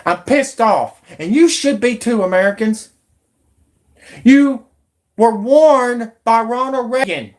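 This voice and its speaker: A woman's voice: on the high side, slow pace. A woman, ranting angrily and swearing as a YouTube commentator. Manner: angry, profane, shouting in bursts. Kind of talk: angry political rant.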